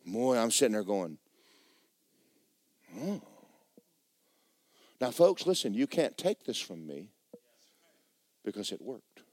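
A male pastor preaching a sermon as a lively, folksy storyteller, full of jokes. His pitch swings widely as he tells the story, and the sound is dry and close. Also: normal speed, dry recording. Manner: animated storytelling, folksy and joking.

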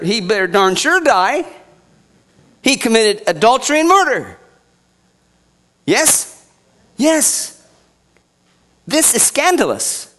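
A man preaching a sermon, firing rhetorical questions at his congregation and swinging from quiet teaching to loud indignation. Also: sits high.

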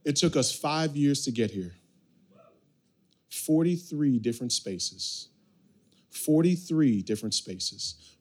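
A pastor preaching a sermon, repeating phrases and calling the congregation to respond. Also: male voice, on the high side, darkish tone. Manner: repetitive, building preaching with call-and-response. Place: church sanctuary.

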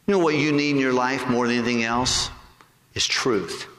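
A man preaching a sermon to his congregation. He asks them rhetorical questions and stretches key words slowly for emphasis. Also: medium pitch, steady tone, a bit bright, slight background noise. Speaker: pastor. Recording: echoey hall with long reverb.

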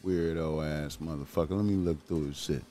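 A man giving profane, rambling casual commentary, repeating himself and breaking into high, incredulous outbursts. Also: fairly even intonation, normal speed, mellow, faint music behind.

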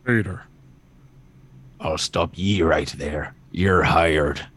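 A man's voice: very deep voice, drawn-out words, fairly bright tone, husky, full character voice. A man voicing a scheming older male industrialist, theatrical and slipping in and out of it. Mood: pleased. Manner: theatrical, drifting in and out of the accent.

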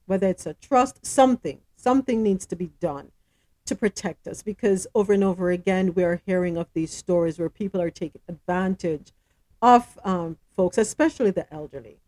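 A woman's voice: fairly low pitch, moderate pace, mellow. A woman hosting a casual news show, reading stories and giving emphatic commentary full of rhetorical questions. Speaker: host.

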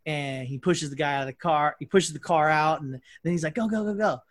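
A man hosting a loose podcast conversation, talking at length in a rambling, profane way and restarting his sentences often. His voice sits a little high for a man. The sound is close and dry. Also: fairly even intonation, brisk, no room sound. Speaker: podcast host. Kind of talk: casual chat.

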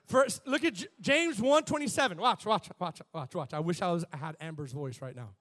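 High, bright-voiced man preaching a sermon. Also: fairly quick. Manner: animated, builds to shouting, leads call-and-response with the congregation. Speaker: pastor. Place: church before a live congregation.

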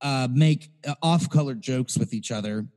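A man's voice: mid-range voice, normal speed, a little mellow, big-room sound. A man co-hosting a podcast, telling a rambling, profane story in casual chat. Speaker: podcast co-host.

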